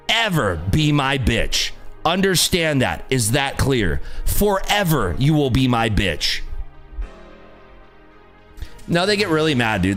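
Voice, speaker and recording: Brash man hosting a trading livestream, profane, taunting, fairly high voice, very lively pitch, faint music behind. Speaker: livestream host and day trader. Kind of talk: casual livestream rant.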